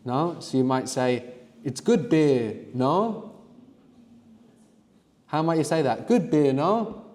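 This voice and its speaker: A man leads a language class, prodding his students with questions and asking them to work things out aloud. His voice is mellow and relaxed, and the room around him rings with a long reverb. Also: fairly high pitch, slow. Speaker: language teacher. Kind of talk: live classroom teaching workshop.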